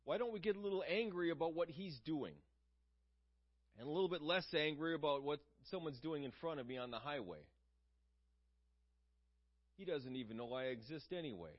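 A man's voice: on the high side, animated, moderate pace, long pauses, muffled recording. A man preaching a sermon in an earnest, conversational way, asking his listeners questions.

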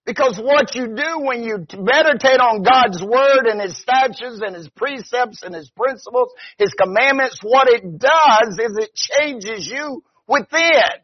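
Slow husky-voiced preacher man. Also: very high-pitched, lively intonation. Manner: conversational preaching, repeats "see?". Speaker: pastor. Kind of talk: sermon. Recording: dull lo-fi recording.

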